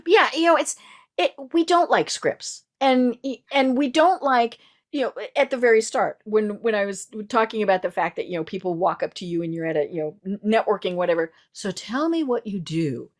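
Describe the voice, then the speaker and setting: A woman from the Colorado mountains hosting a casual interview, chatty and animated, with frequent affirming murmurs. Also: mid-range voice, a little fast.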